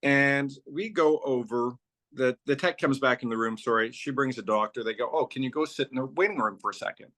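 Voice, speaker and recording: A man's voice: medium pitch, fairly quick, pushed and bright. A man who founded a company, guesting on an interview show and recounting a personal story in a loose, rambling way. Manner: loose and rambling, strings clauses with "so" and "like". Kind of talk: casual conversational storytelling.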